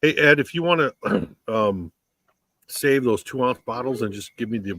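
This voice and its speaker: A man's voice: medium pitch, lively intonation, normal speed, bright, forceful tone, no echo, rough recording. A man chatting casually, telling a rambling story with frequent restarts. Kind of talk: casual chat.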